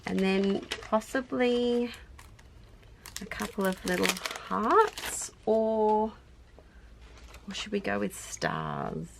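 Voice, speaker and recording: Unhurried Australian crafter, middle-aged, gravelly tone, chatty and self-amused as she thinks aloud. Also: medium pitch, sing-song, background noise. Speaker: craft YouTuber. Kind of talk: casual crafting narration.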